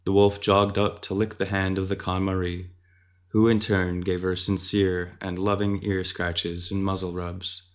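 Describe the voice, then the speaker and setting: A man giving measured, scripted narration of a fantasy story. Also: deep voice, little pitch movement.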